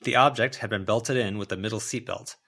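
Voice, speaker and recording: A man narrating a fan-made audiobook of a web serial in an even, measured way. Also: fairly low pitch, husky. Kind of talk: audiobook reading.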